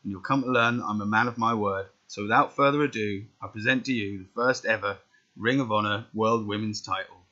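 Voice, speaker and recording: A man's voice: on the low side, fairly quick, bright, forceful tone. A man reading out the lines of a brash male wrestling authority figure, announcing in a plain voice. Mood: commanding. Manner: read aloud plainly, announcing. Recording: dull lo-fi recording.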